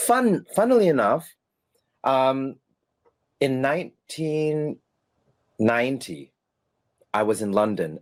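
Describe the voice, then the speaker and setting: Animated middle-aged man telling stories. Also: fairly low pitch. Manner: animated, laughing, acts out quoted voices. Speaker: interview guest, former musical performer. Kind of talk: casual storytelling interview.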